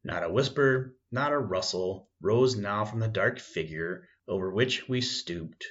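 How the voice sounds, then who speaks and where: A man narrating a first-person story in a measured, dramatic reading, on a dull lo-fi recording. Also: on the low side, expressive, fairly bright tone. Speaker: audiobook narrator.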